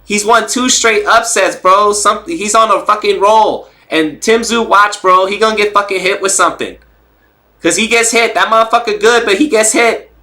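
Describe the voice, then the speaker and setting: A man's voice: sits high, normal speed, pushed and bright, voice pushed up. A man doing an impression of a brash, profane male boxer trash-talking with rowdy street swagger. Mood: hyped.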